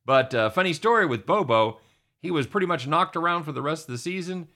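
A middle-aged man hosting a sports talk show, excitable and chatty, often calling his co-host by name. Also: a little high, a little fast.

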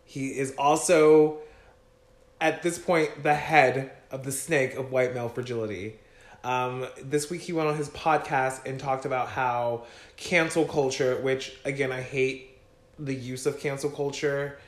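A man's voice: medium pitch, steady tone, measured pace. A man co-hosting a podcast from an apartment, ranting in casual chat with heated, profane emphasis. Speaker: podcast co-host. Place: apartment room. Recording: roomy echo.

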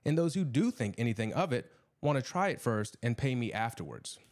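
A man voicing a weary, troubled middle-aged traveler who speaks low and gravely. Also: big pitch swings, brisk, a little mellow, natural voice.

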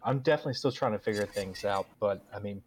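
Low-voiced male tabletop player. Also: fast. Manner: casual, explaining. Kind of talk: tabletop game play.

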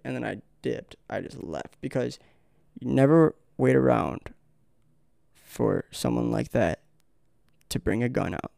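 A young man hosts his own podcast, rambling through profane stories and acting out what people said. His voice has a gravelly edge. It sounds dry and close, with no room in it. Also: mid-range voice, unhurried, darkish tone, dry recording. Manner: rambling, profane storytelling with acted-out quotes. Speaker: podcast host. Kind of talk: casual solo podcast monologue.

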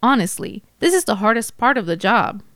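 Woman reading a jaded ambulance-chasing lawyer, wry hard-boiled narration, smooth and dry. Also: on the high side, sing-song, brisk, no echo. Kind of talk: audiobook narration.

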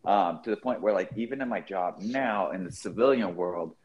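A man's voice: deep voice, normal speed, a little mellow, dull audio. A man co-hosting a podcast, telling a laid-back, profane anecdote in casual chat. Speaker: podcast co-host. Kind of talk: casual storytelling.

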